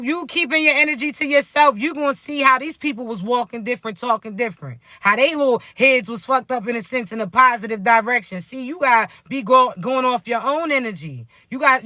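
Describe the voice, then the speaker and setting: A woman's voice: a little high, pushed and bright, no room sound, clean studio sound. A woman speaking as a spiritual coach in a casual motivational vlog, talking bluntly and cursing freely as she calls her listeners baby. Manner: blunt, profane, no sugarcoating.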